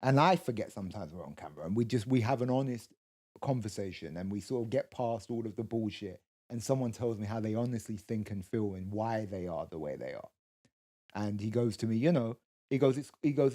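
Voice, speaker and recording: A man's voice: fairly low pitch, brisk, warm tone. A man co-hosting a podcast, telling a long story with lots of restarts, quoted voices and swearing. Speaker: co-host. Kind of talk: casual storytelling chat.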